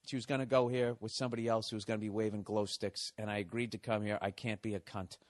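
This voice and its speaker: A man's voice: lowish voice, flat delivery, fast, no echo. A middle-aged man hosting a podcast, telling a rambling, profane comedic rant. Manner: profane, ranting. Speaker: podcast host.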